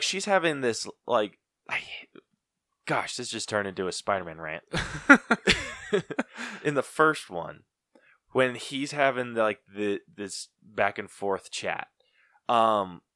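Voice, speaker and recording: A man's voice: lowish voice, expressive, slow, pauses often, pushed and bright, no echo, studio quality. A man co-hosting a podcast in casual chat, ranting with profanity and mockingly acting out movie lines. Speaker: podcast co-host.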